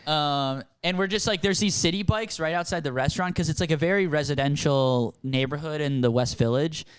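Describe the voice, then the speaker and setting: A young man with a slightly high, smooth and clear voice tells a loose story, laughing and jumping up in pitch when he acts out what people said. The sound is dry and close. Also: fairly quick, dry recording. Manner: animated, laughing, acts out quotes in a higher voice. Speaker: podcast co-host. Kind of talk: casual storytelling chat.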